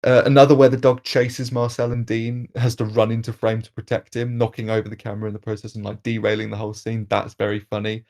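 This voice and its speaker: A man hosting a film review podcast, reading an analytical critique in a measured way with occasional restarts. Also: on the low side, flat delivery, a little mellow.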